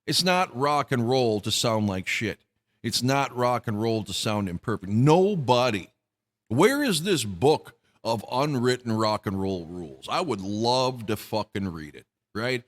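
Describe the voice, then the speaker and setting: A man hosting a rock music news show delivers ranting commentary in a mid-range, expressive voice, unhurried in pace. His heated rant is profane, loaded with heavy swearing and mocking quotes in put-on voices.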